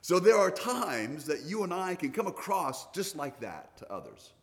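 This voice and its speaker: A man's voice: on the high side, sing-song, moderate pace, a bit bright. A middle-aged man preaching a sermon, telling stories in a conversational way with frequent restarts. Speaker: pastor.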